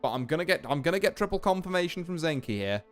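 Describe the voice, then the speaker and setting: A man's voice: on the high side, sing-song, quick pace, soft background music. A young man streaming a game, chatting casually with self-mocking, swearing asides. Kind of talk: casual chat while gaming.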